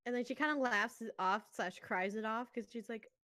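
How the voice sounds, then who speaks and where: A woman's voice: fairly high pitch, moderate pace, bright, forceful tone, no room sound, studio quality. Giggly woman gushing over a comic. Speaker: podcast co-host. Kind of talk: casual chat.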